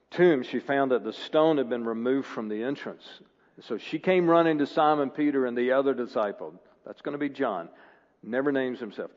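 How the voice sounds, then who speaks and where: A pastor preaching a sermon, retelling scripture as a story and building emphasis on the key moments. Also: male voice, mid-range voice. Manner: storytelling, reads scripture aloud with rising emphasis. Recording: dull, echoey hall.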